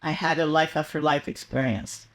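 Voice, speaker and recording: A woman's voice: deep voice, normal speed. Older female guest, loose and rambling storyteller, lots of ums and self-corrections. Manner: rambling, meandering anecdotes with many fillers and restarts. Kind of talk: casual interview storytelling.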